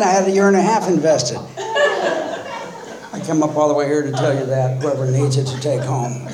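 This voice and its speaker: A man's voice: a little high, sing-song, normal speed, long pauses. A man sharing his own recovery story at a meeting, wry and self-mocking, acting out what he thought back then. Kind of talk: personal recovery talk. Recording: echoey room with faint noise.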